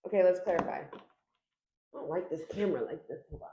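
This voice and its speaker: A woman's voice: quick pace, vocal fry, dark tone, a little hiss or hum. A woman giving a casual tarot reading to the camera, chatty and emphatic, filming herself at home. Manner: chatty, emphatic, acts out quoted lines with big pitch jumps. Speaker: tarot reader. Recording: echoey room.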